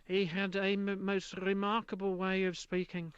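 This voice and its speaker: A middle-aged man, a guest voice artist in a radio studio, telling anecdotes in an animated way during an interview. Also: sits high, normal speed, clear, resonant tone, muffled recording.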